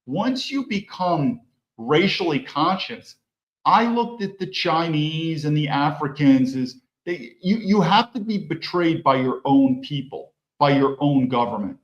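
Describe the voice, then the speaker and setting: A man's voice: a little high, expressive, measured pace. Emphatic male host, echoey lo-fi sound. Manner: emphatic, poses rhetorical questions and answers them. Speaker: political commentary host. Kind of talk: solo opinion monologue.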